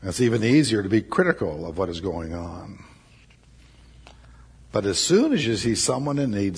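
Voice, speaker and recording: A man's voice: fairly low pitch, sing-song, normal speed, long pauses, a little mellow, slightly rough. A man preaching a sermon, emphatic and repeating his key phrases. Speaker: pastor.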